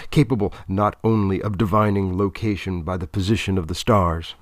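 A man reading a comic mock-epic story aloud with deadpan, mock-heroic asides. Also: lowish voice, no echo, clean studio sound.

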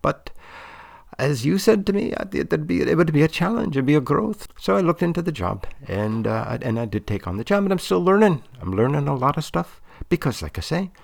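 Rambly guy going on and on, gravelly voice, repeats himself a lot. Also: on the high side, very animated, fairly quick. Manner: rambling, repetitive, full of restarts. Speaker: debate coach. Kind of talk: rambling comic monologue.

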